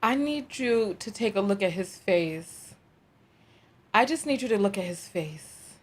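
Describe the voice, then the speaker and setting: A woman's voice: mid-range voice, lively intonation, a little slow. A woman hosting a reaction video, commenting in an exasperated, dramatic way and laughing through it.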